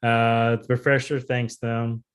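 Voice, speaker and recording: A man co-hosting a podcast, recapping episodes in a relaxed way with many fillers. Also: medium pitch, measured pace, smooth. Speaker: podcast co-host. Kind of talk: casual chat.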